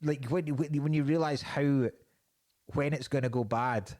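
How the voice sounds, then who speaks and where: A man's voice: mid-range voice, fairly even intonation, measured pace, darkish tone. A man with a mid-range voice talks a film through with his co-host. He is enthusiastic and swears freely, often restarting his sentences before he finds the thought. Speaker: podcast co-host. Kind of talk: casual film chat.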